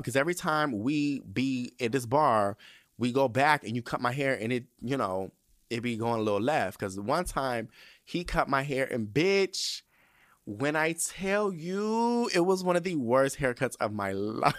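A man hosting a podcast, telling casual stories in a profane, animated way and acting out the voices of people he quotes. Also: medium pitch, normal speed, no echo, studio quality. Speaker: podcast host. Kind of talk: casual storytelling monologue.

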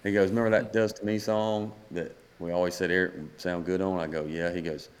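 A man's voice: deep voice, little pitch movement, fairly quick. A man, a guest singer-songwriter, telling a rambling story in a casual podcast chat and acting out the dialogue.

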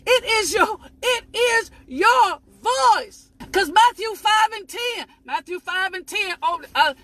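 A woman preaching a fervent sermon, shouting, repeating phrases, letting out sudden high whoops, and talking straight to her listeners. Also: expressive, slow pace. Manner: addresses listeners directly and asks them to repeat after her.

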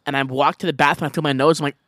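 A man's voice: a little high, steady tone, racing, fairly bright tone, no room sound, clean studio sound. A man in casual chat, telling a long story full of restarts and fillers. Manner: rambling storyteller, heavy on "like" and restarts.

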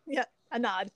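Laughing, higher-voiced woman podcast host. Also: dry recording. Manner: laughs often, swears casually, animated storytelling. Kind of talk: casual podcast chat.

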